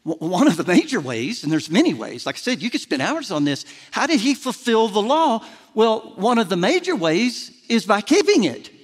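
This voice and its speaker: High-pitched preacher in a reverberant church. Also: male voice. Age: middle-aged. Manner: folksy, self-deprecating preaching with rising emphatic peaks. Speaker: pastor. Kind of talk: sermon. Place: large church sanctuary. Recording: long hall reverb of a church.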